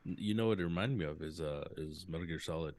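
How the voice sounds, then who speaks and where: A man's voice: deep voice, fast talker. A man co-hosting a movie review podcast, keeping his voice down early in the morning and cracking jokes. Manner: hushed, joking. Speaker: podcast co-host. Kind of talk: casual movie review chat. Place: echoey room, early morning.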